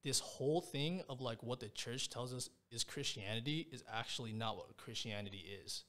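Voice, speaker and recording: A man's voice: medium pitch, normal speed, fairly bright tone. Young man telling a story, slangy. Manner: slangy, rambling, peppers speech with "bro" and "like". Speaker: podcast guest. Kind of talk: casual storytelling.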